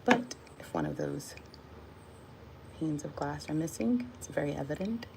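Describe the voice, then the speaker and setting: A woman's voice: sits low, lively intonation, unhurried, creaky, a little hiss or hum, rough recording. A woman musing casually about her views, then reading a short devotional aloud, wandering and restarting as she goes. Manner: musing, meandering, with soft laughs and restarts. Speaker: vlogger sharing a devotional.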